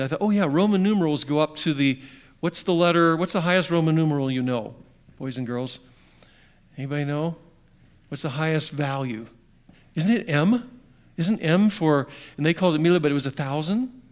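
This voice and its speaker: A middle-aged man preaching a sermon conversationally, asking his congregation questions and swinging between emphatic bursts and quiet, slowed passages. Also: fairly high pitch. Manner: conversational, asks the audience questions. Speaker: pastor.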